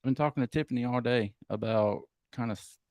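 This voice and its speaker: A man's voice: mid-range voice, fast talker, no echo. A man hosting a live paranormal podcast, joking and bantering with his co-hosts. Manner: animated, joking host banter. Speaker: podcast host.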